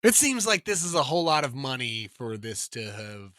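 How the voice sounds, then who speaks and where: A man co-hosting a podcast in casual chat, animated and jokey, often laughing. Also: medium pitch, moderate pace, no room sound, clean studio sound. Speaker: podcast co-host.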